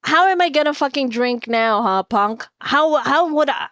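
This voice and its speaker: A woman's voice: sits high, animated, normal speed, fairly bright tone, no room sound. A woman hosting a livestream in casual chat, giggly and playful, swearing freely. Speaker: livestream host.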